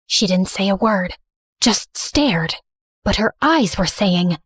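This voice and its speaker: A young woman narrating an animated story in first person, earnest and emotional. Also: medium pitch, slow, husky, dry recording, studio quality.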